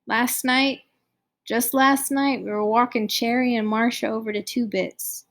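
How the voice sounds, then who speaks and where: A woman's voice: on the high side, fairly even intonation, unhurried, fairly bright tone. A woman voicing an emotional, insistent fourteen-year-old boy. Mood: upset.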